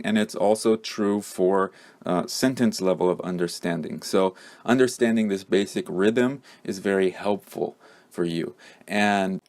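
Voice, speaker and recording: A man's voice: deep voice, a little mellow. A man teaching a pronunciation lesson, explaining patiently with many fillers. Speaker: English teacher.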